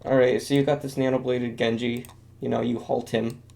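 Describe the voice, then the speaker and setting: A young man talks through his game ideas in a rambling, self-deprecating way, full of ums and asides. His voice is gravelly and mellow, and he speaks into a desk microphone at his computer. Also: mid-range voice, little pitch movement, moderate pace. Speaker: video game commentator. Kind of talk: casual commentary while drawing.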